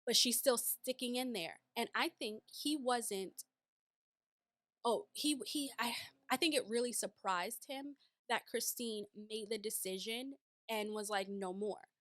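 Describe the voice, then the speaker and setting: A woman talks straight into the mic in a casual reaction commentary, pressing her points with rhetorical questions. Her voice sits a little high, and the sound is dry and close. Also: a little slow, dry recording. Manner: animated, emphatic, rhetorical questions. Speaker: reality TV commentator.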